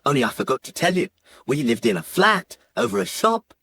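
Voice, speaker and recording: A man playfully telling a comic childhood story with an expressive delivery. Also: fairly high pitch, a little fast, creaky, slightly rough, no echo. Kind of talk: animated retelling of a comic childhood poem.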